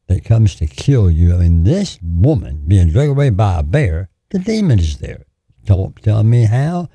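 A man delivering a fervent sermon, hammering his points through repetition. His voice is low, dark and husky, and it swings widely in pitch as he presses on. The sound is dry and close, with no room around it. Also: very animated, measured pace, no echo. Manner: emphatic, repetitive, fervent preaching. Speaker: preacher.

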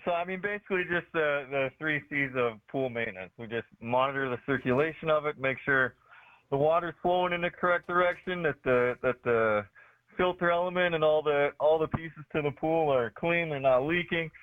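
A man's voice: a little high, a little fast, dry recording. A Canadian man with a Canadian accent speaks as a radio guest, his slightly raised voice modest and plain-spoken. He slips in dry humor. The sound is tinny, dry and phone-like, as if he were calling into the studio. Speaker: guest, pool maintenance business owner. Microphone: phone call into the studio.

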